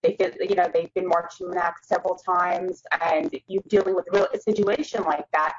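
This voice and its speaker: A woman hosting a remote panel, asking long halting questions with many fillers, over a video call. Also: lowish voice, fairly even intonation, dull audio, slight background noise. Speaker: host.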